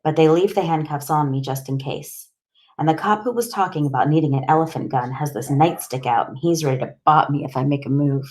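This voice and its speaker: Brief: woman audiobook narrator, low voice, plain steady delivery. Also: a little fast. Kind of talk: first-person audiobook narration.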